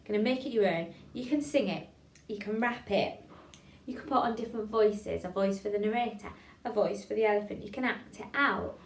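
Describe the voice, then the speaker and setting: A woman's voice: mid-range voice, brisk, a little hiss or hum. Encouraging woman teaching in an echoey room. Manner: encouraging, chatty, self-deprecating. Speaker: drama teacher. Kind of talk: online improvisation lesson. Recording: echoey room, mic at a distance.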